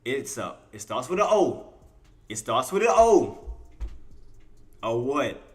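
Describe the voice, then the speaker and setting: Speaking slowly with big swings in his medium pitch, a man hosts a live intraday trading stream. His talk to chat is loose and colloquial, with plenty of "y'all," repetition and quiz questions for viewers.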